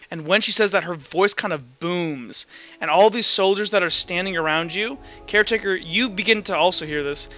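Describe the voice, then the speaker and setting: A game master narrating a tabletop role-play, casual and loose, in a fairly high, sharp, bright voice. The recording is somewhat dull, with faint music playing behind him. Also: male voice, moderate pace. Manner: casual, with fillers and restarts.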